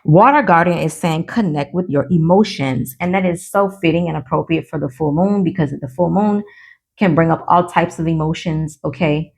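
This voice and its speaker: A woman's voice: deep voice, moderate pace, gravelly, a little mellow, breathy edge. A woman giving a casual tarot reading to her viewers. She is chatty and giddy, calls them y'all, laughs at herself and trips over her words. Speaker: tarot reader.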